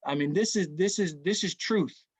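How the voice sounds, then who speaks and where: Middle-aged man, casual Bible study leader, folksy, slightly high voice, dry close sound. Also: moderate pace, slightly rough, dry recording. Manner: folksy, keeps saying "man" and "right?".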